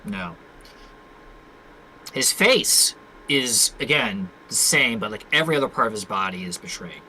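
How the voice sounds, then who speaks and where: A man playing a tabletop game, unhurried and thinking aloud. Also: lowish voice, sing-song, pushed and bright, slight background noise, low-quality recording. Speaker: player.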